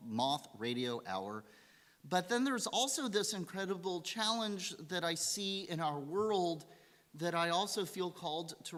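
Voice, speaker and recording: A man giving a holiday sermon as rabbi, telling a story and acting out the quotes in a lively way. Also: sits high. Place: synagogue sanctuary. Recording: long hall reverb.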